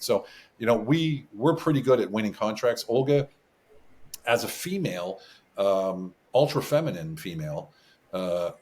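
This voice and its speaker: A fairly low-pitched American man talks as a guest in a relaxed interview. He tells stories with animated energy and frequent chuckles. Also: unhurried. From United States. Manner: animated storyteller, chuckles often. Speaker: podcast guest, business advisor. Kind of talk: casual interview talk.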